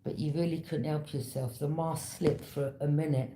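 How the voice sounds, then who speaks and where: Woman, tarot reader, low voice, warm and mellow tone, casual storytelling, roomy echo. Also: fairly even intonation, moderate pace, background noise. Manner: conversational, storytelling, knowing. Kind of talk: casual tarot reading monologue. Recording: echoey room.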